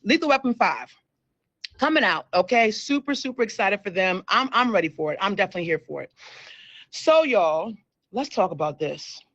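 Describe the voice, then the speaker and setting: A talkative woman hosts a casual entertainment news chat, often repeating words for emphasis, at a moderate pace. Her mid-range, slightly bright voice has lively intonation but sounds a little dull and muffled, with very little room echo.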